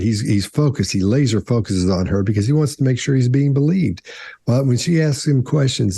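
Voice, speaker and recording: A middle-aged man with a low, dark, slightly husky voice breaks down body language in a loose, rambling panel chat. He keeps restarting his sentences and slips into acted-out quotes. The sound is close and dry. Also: no room sound. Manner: rambling, self-correcting explanations with acted-out quotes. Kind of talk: casual panel analysis.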